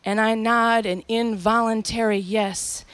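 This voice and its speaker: A woman's voice: on the high side, fairly even intonation, a little slow, a bit bright, clear, resonant tone, no echo. A woman performing a spoken-word story in a reflective, poetic and emotional way.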